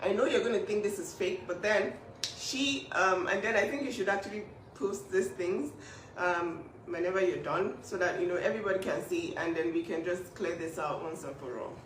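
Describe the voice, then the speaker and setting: Woman defending her sister on camera, forceful and indignant, recorded at a distance in a reverberant room. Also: on the low side, normal speed. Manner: emphatic, indignant, restarts often. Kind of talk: emotional vlog statement. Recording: echoey room, distant mic, faint noise.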